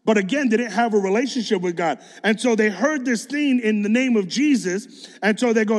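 A man's voice: high-pitched, brisk. A male preacher giving a sermon in a casual, slangy storytelling manner. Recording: long hall reverb.

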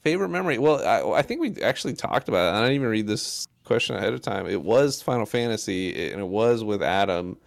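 A man co-hosting a gaming podcast in casual chat, playful and animated, often trailing off and restarting mid-sentence. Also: on the low side, fast, creaky, few pauses, dry recording, clean studio sound. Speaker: podcast co-host.

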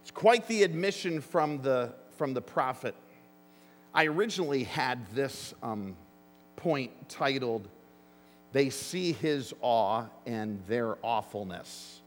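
Slow, earnest preaching man in a hall. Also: mid-range voice, animated. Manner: earnest, emphatic preaching with slow, deliberate phrasing. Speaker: pastor. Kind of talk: sermon. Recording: long reverb of a large hall.

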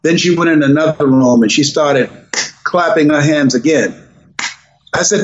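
An older man with a fairly high voice tells a story in a lively, dramatic way, acting out the voices in it. The sound is dull and lo-fi, with a faint hiss underneath. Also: normal speed, reverberant. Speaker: guest speaker. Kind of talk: storytelling interview.

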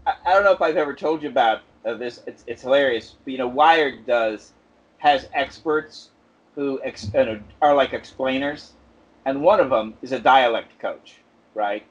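A man's voice: medium pitch, normal speed. A man co-hosting a casual podcast chat, talking chattily and laughing often. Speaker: podcast co-host. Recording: dull lo-fi recording.

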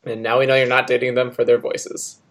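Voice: medium pitch, level tone, brisk. A podcast co-host in casual chat with dry, wry humor.

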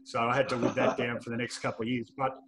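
A man with an Australian accent, a football journalist guest, telling lively anecdotes in casual podcast chat and laughing often. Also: medium pitch, quick pace.

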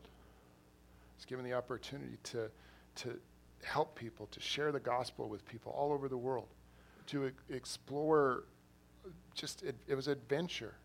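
A man's voice: mid-range voice, fairly even intonation, moderate pace, creaky, pauses often. A man who is an assistant pastor, preaching an earnest sermon in a church, repeating phrases and rising to emphatic bursts. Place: church hall.

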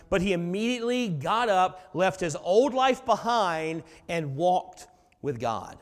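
A man preaching a sermon in a church, telling the story dramatically and swinging between soft and loud. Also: high voice. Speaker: pastor. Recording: long reverb of a large hall.

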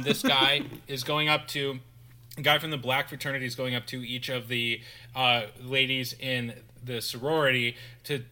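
A man's voice: a little high, sharp tone. A man co-hosting a podcast, casually recapping a film scene by scene. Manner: recaps scenes, quoting lines in put-on voices. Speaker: podcast co-host. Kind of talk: casual movie recap chat.

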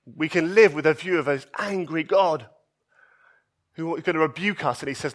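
A man preaching a sermon, expressive, moving between emphatic raised passages and soft, low ones. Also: normal speed.

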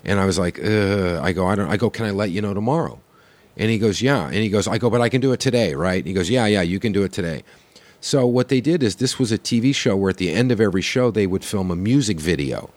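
A man with a fairly low voice tells a long story in relaxed podcast talk. He swears freely and acts out the lines of everyone in it. The sound is dry and close. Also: fast, dry recording. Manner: profane storyteller acting out quoted dialogue. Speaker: guest telling a story. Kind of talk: casual podcast chat.

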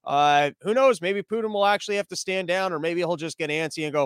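A man hosting a casual podcast monologue, rambling, profane and animated. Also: sits high, fairly quick, clean tone, no echo. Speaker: podcast host.

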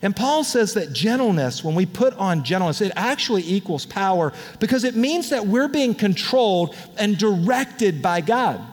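A man preaching a sermon as pastor, in a candid, conversational way with lively asides. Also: sits high, normal speed, few pauses. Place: church auditorium. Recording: long reverb of a large hall.

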